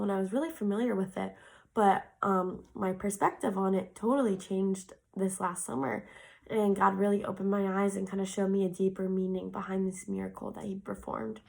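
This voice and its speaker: A woman's voice: mid-range voice, creaky, poor audio. A young woman giving an earnest, casual devotional talk, speaking conversationally and often saying "like".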